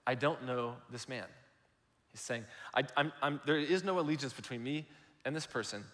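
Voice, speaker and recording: A man's voice: mid-range voice, fairly bright tone, big-room sound. A male pastor giving a conversational, explanatory sermon.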